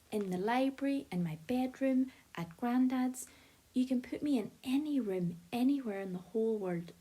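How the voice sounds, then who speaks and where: A woman narrating an audiobook in first person, with a lively, expressive telling. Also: on the high side, slightly rough.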